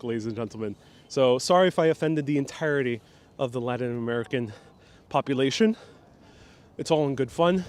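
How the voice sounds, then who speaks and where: A man's voice: medium pitch, a little mellow. A man, casually hosting a live walking tour outdoors, chatting and laughing as he reads out viewer comments. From New York, Puerto Rican family. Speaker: live-stream host and city guide. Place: outdoors on a waterfront park. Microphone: phone camera on a gimbal.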